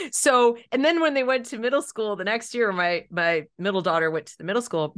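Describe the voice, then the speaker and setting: A woman's voice: mid-range voice, fairly quick. A middle-aged woman, an education consultant, telling stories in an interview and acting out the voices she quotes. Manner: animated, acts out quoted voices. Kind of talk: storytelling in an interview.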